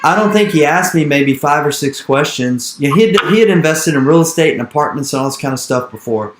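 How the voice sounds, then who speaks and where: A man in his thirties telling an animated story in an interview, repeating his phrases and acting out the dialogue he quotes. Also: fairly high pitch, fast talker, roomy sound, background noise. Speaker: real estate investor speaking to an investor group. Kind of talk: energetic storytelling talk.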